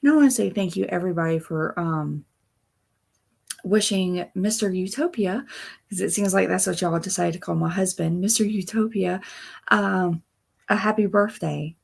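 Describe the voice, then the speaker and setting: A woman's voice: fairly low pitch, a little fast, vocal fry. A young woman hosting a casual live stream, chatty and bubbly with frequent exclamations. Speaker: crochet channel host.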